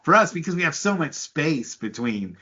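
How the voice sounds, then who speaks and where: Us podcast host guy, bright edgy voice, rambles and repeats himself, lo-fi sound. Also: a little high, sing-song, moderate pace, husky. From United States. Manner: talkative, repeats words, asks long questions. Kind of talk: casual interview chat.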